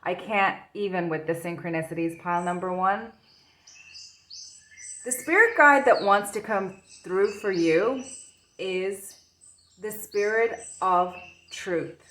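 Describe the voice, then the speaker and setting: A woman's voice: medium pitch, takes it slowly, fairly bright tone. A woman giving an intuitive tarot reading, dreamy and gushing with wonder at the cards. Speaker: tarot reader.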